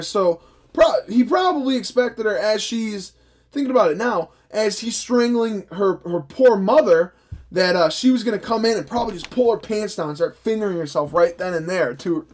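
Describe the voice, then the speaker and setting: A young man with a high-pitched voice rants through a film review, cursing freely. He sounds sarcastic and exasperated throughout, talking to the camera like a fed-up vlogger. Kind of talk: ranting vlog review.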